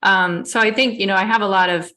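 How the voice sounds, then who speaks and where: A woman's voice: mid-range voice, fairly even intonation, fast, bright, forceful tone. Woman guest explaining in run-on lists. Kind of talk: casual interview chat.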